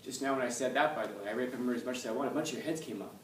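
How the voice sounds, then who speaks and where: A man with a medium-pitched voice lectures his class in rapid-fire bursts, blunt and forthright, peppering students with rhetorical questions. He's recorded from some distance in an echoey classroom, with a faint hum beneath his voice.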